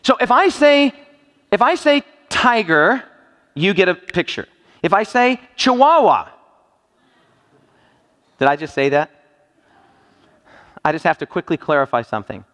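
A preacher in a church hall jokes and tests his audience with playful questions, his high voice swinging widely in pitch. He speaks at a measured pace with long pauses, sounding a bit bright amid a large hall's long reverb.

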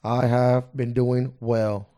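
A man's voice: medium pitch, little pitch movement, slow, mellow. A young man co-hosting a podcast in casual chat, sarcastic and needling, mock-indignant. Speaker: podcast co-host.

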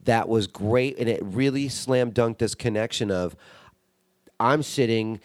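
A man's voice: mid-range voice, unhurried, dry recording. A man, a podcast guest reminiscing in rambling, profane casual chat.

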